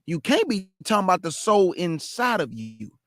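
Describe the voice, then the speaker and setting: A man teaching the Bible, reading verses aloud and breaking off to question them with drawn-out emphasis. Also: high voice, big pitch swings, a bit bright, dry recording, studio quality. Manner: reads verse then stops to question it aloud. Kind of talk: street-style scripture teaching.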